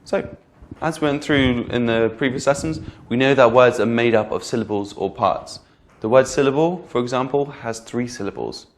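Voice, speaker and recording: A man teaching English pronunciation, speaking clearly and modeling each word slowly with exaggerated stress. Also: mid-range voice, a little hiss or hum. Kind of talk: slow, clear teaching delivery.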